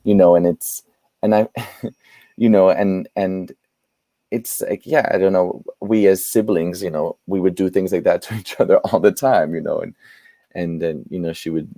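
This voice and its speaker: A man, a guest playwright and performer, telling animated stories in an interview and laughing often. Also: sits low, normal speed, dry recording. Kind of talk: storytelling in an interview.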